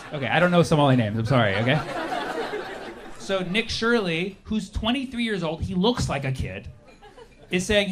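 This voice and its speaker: A male stand-up comedian doing a sarcastic set and slipping into quick voices. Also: high voice, big pitch swings, background noise. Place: comedy venue with audience.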